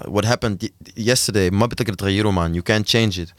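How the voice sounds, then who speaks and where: A man's voice: on the low side, fast talker, hardly any pauses, dry recording. A man casually walking listeners through his album, translating his own lyrics line by line in an earnest way. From Sudanese family. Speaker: musician explaining his album. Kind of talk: casual track-by-track explanation.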